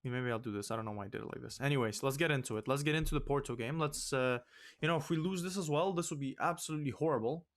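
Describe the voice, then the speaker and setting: A young man hosting a let's play, ranting in exasperation and swinging loud and high when upset. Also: racing. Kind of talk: ranting game commentary.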